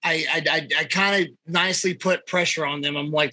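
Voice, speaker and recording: A man's voice: fairly high pitch, a little fast, few pauses, pushed and bright, no echo, rough recording. A man talking as a fitness coach in a casual podcast chat, blunt and emphatic, swearing freely.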